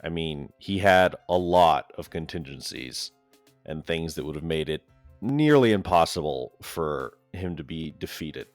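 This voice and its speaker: Low, slow man speaking to listeners. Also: animated, no room sound, faint music behind. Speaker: game master. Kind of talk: aside to the audience.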